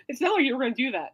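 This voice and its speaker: A woman's voice: high-pitched, a bit bright, breathy edge, lo-fi sound. A woman hosting a podcast in casual chat, playful and teasing, rambling from joke to joke. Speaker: podcast host.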